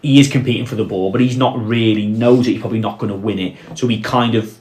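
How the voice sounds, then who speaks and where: Low-voiced man talking football, roomy room. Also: fairly even intonation, a little mellow. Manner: measured, trails off and restarts, drops his voice on key points. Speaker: podcast co-host. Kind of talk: casual football chat. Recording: roomy echo.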